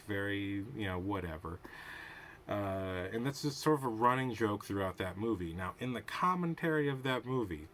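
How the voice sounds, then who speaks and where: Rambling, analytical man with a lowish voice. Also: expressive, moderate pace, a bit bright, slight background noise. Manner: discursive, goes off on tangents, thinks aloud with restarts. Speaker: show host reviewing a TV episode. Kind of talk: casual analytical commentary.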